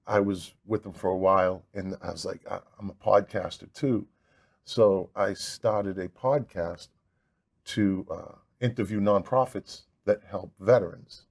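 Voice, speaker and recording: A man with a Boston accent, a guest speaking plainly in a casual interview, halting with "uh". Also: deep voice, steady tone, creaky. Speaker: guest, veteran and nonprofit founder.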